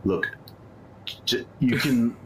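A man's voice: mid-range voice, takes it slowly, slight background noise, low-quality recording. A man playing a tabletop role-playing game, talking in a dry, blunt way. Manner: dry, blunt, laughs often. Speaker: player.

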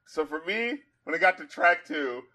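A man hosting a casual album review podcast, animated and profane, quoting lyrics aloud and laughing often. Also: fairly high pitch, moderate pace.

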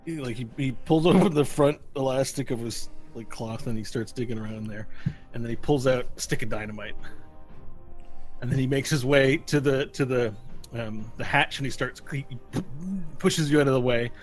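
A man running a tabletop game as game master, narrating in a rambling, animated way with restarts. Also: mid-range voice, normal speed, soft background music, poor audio.

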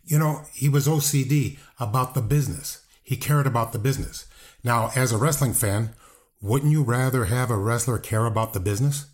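A man's voice: mid-range voice, moderate pace. An older man speaking bluntly and defensively as an interview guest, with rambling restarts and swearing. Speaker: wrestling guest, brother of the subject. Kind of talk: casual interview talk.

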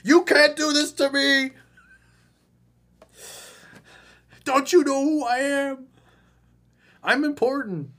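A man voicing a furious, childish grown man throwing a tantrum, shouting and whining in a much higher voice. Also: fairly even intonation, normal speed. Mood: enraged. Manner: whiny, shouting, mocking.

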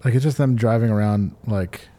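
A man co-hosts a casual podcast, talking with excited energy, swearing freely and filling his sentences with "like." His voice is warm and mellow, with a relaxed, darker tone. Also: lowish voice, a little fast. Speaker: podcast co-host. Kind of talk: casual chat reacting to music videos.

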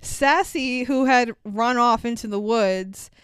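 A young woman co-hosting a casual movie recap podcast, animated and sarcastic, swearing freely and laughing often. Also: on the high side, takes it slowly, clean tone, no echo, clean studio sound. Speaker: podcast co-host.

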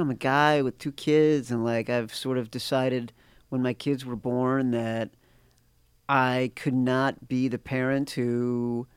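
Middle-aged male co-host, weary and wisecracking, mid-pitched, dry close sound. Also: smooth, no room sound. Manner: joking, sings improvised ditties. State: tired, yawning. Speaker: podcast co-host. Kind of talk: casual sports betting chat.

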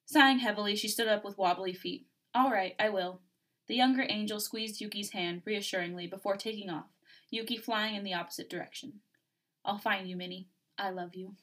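A woman reading a fan fiction story aloud on a podcast, giving the characters' lines a lively, acted lilt. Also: medium pitch, a little fast. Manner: lively, acts out dialogue, laughs often.

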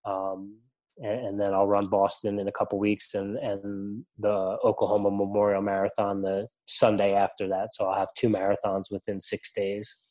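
Middle-aged male podcast guest, low and even, loose rambling chat. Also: normal speed. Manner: rambling, filler-heavy, restarts words. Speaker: ultramarathon runner and coach, guest. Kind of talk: casual podcast conversation.

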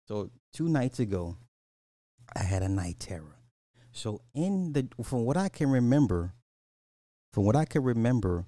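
Male podcast host, casual joking commentary; lowish, mellow, dry close-mic. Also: no room sound. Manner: loose, joking, talks straight to listeners. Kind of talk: casual commentary reacting to clips.

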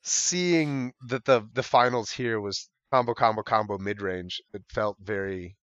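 A man co-hosting a casual podcast, telling stories in a lively way with lots of fillers and laughter. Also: fairly low pitch, measured pace, no room sound, highs cut off. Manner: animated storyteller, many fillers and laughs. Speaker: podcast co-host.

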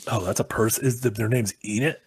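A man's voice: fairly low pitch, fairly even intonation, fast talker, slightly rough, no echo. A man co-hosting a casual stream, upbeat and encouraging as he thanks donors. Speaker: stream co-host.

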